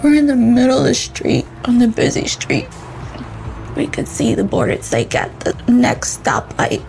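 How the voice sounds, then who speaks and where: A woman's voice: sits high, gravelly, darkish tone. A mother telling a tense story with urgency, acting out the voices in it. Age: adult, mother of children. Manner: breathless, urgent retelling that re-enacts quoted voices. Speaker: interviewee recounting events. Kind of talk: emotional first-person storytelling.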